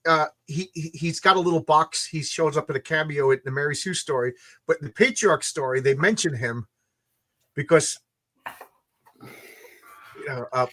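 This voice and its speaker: A tired man with a fairly high voice tells stories in a loose, rambling way, restarting his sentences and repeating words. He talks casually, as if chatting late at night with friends. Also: bright, forceful tone. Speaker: comic book creator hosting a launch stream.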